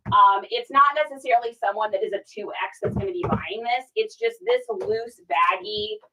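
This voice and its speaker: A woman who resells clothing chats casually with her livestream audience, sharing listing tips in a conspiratorial tone full of fillers. Her medium-pitched voice is a bit bright, and the recording is rough.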